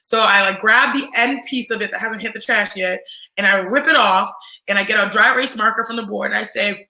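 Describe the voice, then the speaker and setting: A woman's voice: mid-range voice, fairly quick, vocal fry, bright, forceful tone, roomy sound, poor audio. A woman in her twenties, a podcast guest telling a casual story and acting out other people's voices. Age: 20s.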